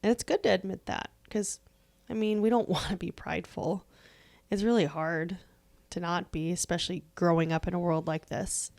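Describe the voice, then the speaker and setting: A woman's voice: lowish voice, steady tone, normal speed, darkish tone. Chatty woman podcast co-host. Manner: chatty storytelling, laughs often. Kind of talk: casual faith podcast chat.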